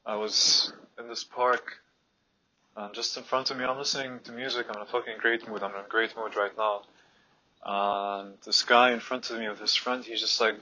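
Bright-voiced man on a blunt rant. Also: medium pitch, lo-fi sound, slight background noise. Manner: blunt, swearing, fired up. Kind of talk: heated personal rant.

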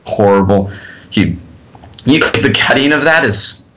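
A man chatting on a podcast, circling his point through restarts and filler words. His voice sits somewhat low, with a bright, forceful edge. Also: lively intonation, measured pace. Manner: rambling, many fillers and restarts. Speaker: podcast co-host. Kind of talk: casual chat.

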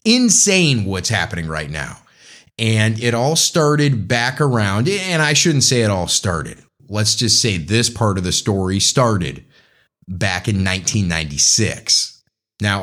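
A man's voice: on the low side, fairly bright tone. A man hosting a podcast, rambling in a casual political monologue, talking straight to his listeners and often correcting himself. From United States. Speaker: podcast host.

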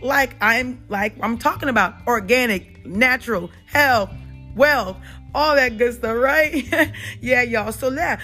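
Southern-accented woman host, middle-aged, loose unscripted talk full of "y'all", pitched a bit high. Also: bright, forceful tone. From South Carolina. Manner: chatty, repeats "you guys" and "y'all", many fillers. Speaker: holistic health talk host. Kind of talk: unedited casual health and faith talk.

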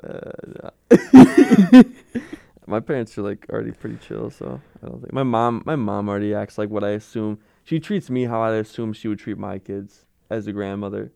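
A man's voice: fairly low pitch, lively intonation, moderate pace, creaky, mellow, dry recording, clean studio sound. A young man co-hosting a podcast, chatting casually and playfully, joking around. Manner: joking, playful, acts out silly voices. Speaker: podcast co-host. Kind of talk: casual chat.

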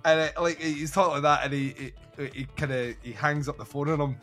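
A man hosts a casual podcast, chatting in a slightly high voice. He is animated and swears freely, and he acts out scenes from movies. Faint music sits behind him. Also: brisk. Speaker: podcast host. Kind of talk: casual chat.

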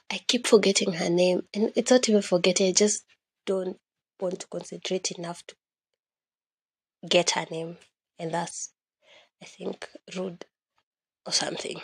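A young woman, chatting casually and excitedly about books she loved, slipping Swahili slang into her English and recording on her phone. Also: on the low side, measured pace, gravelly, pauses often, slightly rough, no echo. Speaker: podcast host.

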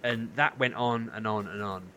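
A man's voice: lowish voice, moderate pace, a little hiss or hum. A man, co-hosting a podcast and telling a long story with lots of acted-out quotes. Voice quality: animated, acts out quoted voices. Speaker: podcast co-host. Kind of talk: casual storytelling.

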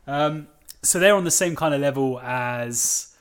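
A man's voice: a little high, unhurried, smooth. A man co-hosting a comedy podcast, rambling with lots of fillers and frequent laughs. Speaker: podcast co-host. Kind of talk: casual comedic chat.

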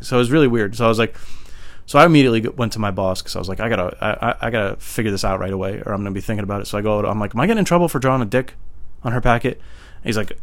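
Guy with a lowish voice rambling thru a story on his podcast, lots of "like", voice shoots up when he quotes himself, cheap little mic at home. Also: rapid-fire, no echo. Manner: rambling, filler-heavy, jumps higher when quoting himself. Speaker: podcast host. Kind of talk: casual comic storytelling. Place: home room with broken air conditioning. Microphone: small cheap microphone.

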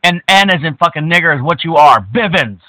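A man making a prank phone call, crude, abusive and mocking, at times bursting into shouts. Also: on the high side, fairly quick, no room sound. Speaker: prank caller.

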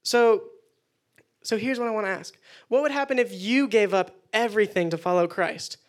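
A man preaching a casual youth sermon indoors to listeners, energetic and conversational with jokes. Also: high-pitched, normal speed. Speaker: youth pastor. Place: indoor meeting room with listeners.

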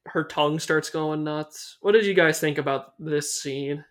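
A man's voice: a little high, unhurried, a bit bright. A young man casually recapping a horror film on a podcast, rambling and swearing, with lots of fillers. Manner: loose and rambling, swears a lot, many fillers. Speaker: podcast host. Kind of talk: casual movie recap chat.

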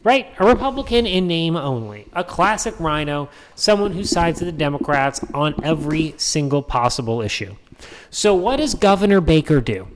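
A man's voice: fairly high pitch, sing-song, normal speed. A man hosting a political commentary monologue, sarcastic and emphatic, repeating his points. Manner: sarcastic, mocking voices in quotes; emphatic repetition. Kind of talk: opinion monologue.

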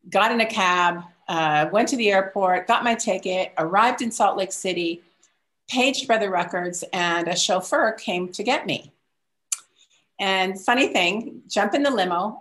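An older woman tells a long personal story in a relaxed, chatty way. She laughs often and lifts her voice to play the people she quotes. Her pitch sits in a middle range. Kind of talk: casual storytelling.

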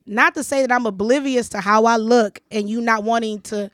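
A woman's voice: a little high, fairly even intonation, normal speed, a bit bright, no echo. Emphatic woman host, dry close sound. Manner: emphatic, repeats phrases for stress. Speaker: podcast host. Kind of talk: casual conversation.

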